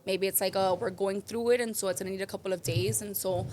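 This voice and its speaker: Fast-talking young woman. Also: mid-range voice, fairly even intonation, darkish tone. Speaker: podcast guest. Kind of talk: casual chat.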